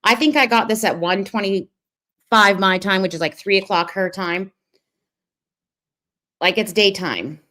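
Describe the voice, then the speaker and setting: A woman's voice: mid-range voice, measured pace, long pauses, bright, forceful tone. A young woman hosting a stream, reacting to a clip with sarcastic, gossipy commentary and greeting her viewers. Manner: sarcastic and critical.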